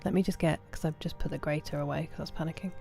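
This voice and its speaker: Mellow-voiced woman chatting on stream. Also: low-pitched, steady tone, rapid-fire, vocal fry, faint music behind. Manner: chatty, greets and thanks viewers by name, drops to soft murmurs. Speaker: game streamer. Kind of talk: casual livestream chat.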